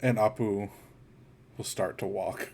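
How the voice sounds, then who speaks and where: A man's voice: on the low side, breathy edge. A man narrating his character's actions in a tabletop game, laughing often. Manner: slow, lively, laughing often.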